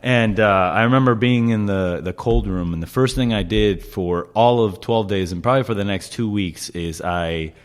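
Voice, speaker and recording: A young man hosting a casual chat, telling animated stories and swearing often as he acts out quotes. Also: on the low side, normal speed, few pauses. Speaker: podcast host, chef.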